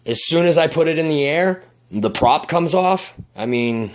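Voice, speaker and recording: A man's voice: fairly high pitch, lively intonation, normal speed. A man vlogging about his RC plane, agitated, swearing, and often restarting his sentences indoors at home. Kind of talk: casual vlog.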